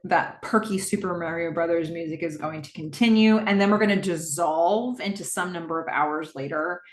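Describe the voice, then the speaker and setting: A woman hosting a podcast, recapping a TV episode scene by scene in a casual, animated way with frequent laughs. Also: fairly low pitch, echoey room. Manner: animated, laughs often, acts out the characters' lines.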